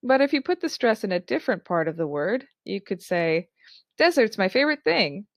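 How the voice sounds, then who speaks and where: A woman in her thirties teaching an online speaking course, with clear, carefully articulated and expressive delivery. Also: mid-range voice, a little fast, no echo. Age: 30s. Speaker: instructor.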